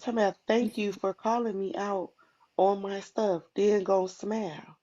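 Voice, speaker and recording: A woman's voice: medium pitch, steady tone, a little slow, mellow. A woman gossiping bluntly and profanely in a casual live chat, over dull lo-fi live stream audio.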